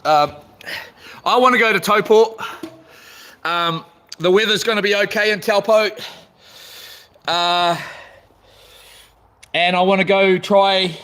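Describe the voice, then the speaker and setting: A man's voice: sits high, takes it slowly, long pauses, sharp tone, clean tone. A middle-aged man with a New Zealand accent, vlogging casually, frustrated, stumbling and repeating himself as he talks. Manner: frustrated, repetitive, stumbling restarts. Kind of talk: casual vlog rant.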